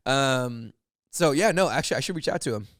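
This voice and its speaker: A man co-hosting a podcast in casual chat, agreeable and quick to chime in. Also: mid-range voice, expressive, a bit bright, no echo, clean studio sound. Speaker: podcast co-host.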